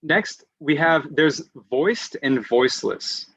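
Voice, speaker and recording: An American man gives an online lecture on teaching English in a fairly high, breathy, slightly bright voice with lively intonation and a slow pace. He explains patiently, often restarting phrases and filling with "um," over dry, slightly muffled audio.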